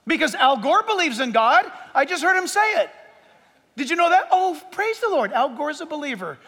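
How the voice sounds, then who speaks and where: A man preaching a sermon as pastor, lively and joking as he walks through numbered points. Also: extremely high pitch, normal speed, long reverb tail. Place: church sanctuary with a live audience.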